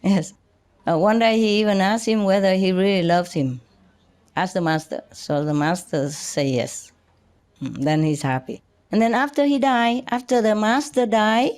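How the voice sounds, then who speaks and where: An older woman giving an informal spiritual talk in simple, halting English, chatty and often laughing. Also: medium pitch, darkish tone. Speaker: spiritual teacher.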